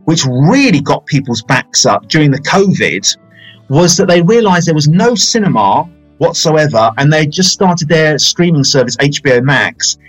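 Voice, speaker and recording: Man in his forties, podcast host, rambling casual film chat, slightly high voice, faint music behind. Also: animated, moderate pace, rough recording. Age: 40s. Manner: chatty, rambling, self-mocking.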